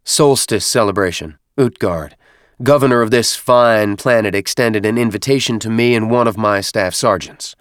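A man voicing a commanding military captain who shouts on the parade ground but stays friendly and relaxed in conversation. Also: moderate pace, smooth, no echo, studio quality, close to an everyday voice. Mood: easygoing. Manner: booming parade-ground calls, easy officer's banter.

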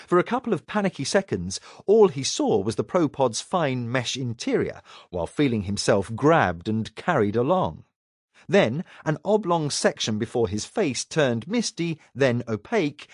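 A man reading science fiction narration aloud in a dramatic, expressive way. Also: medium pitch, normal speed, no room sound, clean studio sound. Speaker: audiobook narrator. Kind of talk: scripted narration.

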